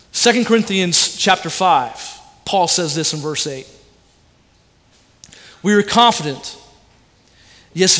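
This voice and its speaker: A high-voiced man preaches with passion in a church auditorium. He asks his listeners questions and answers them himself. Long reverb from the hall trails after each phrase. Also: a bit bright. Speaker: pastor. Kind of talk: sermon.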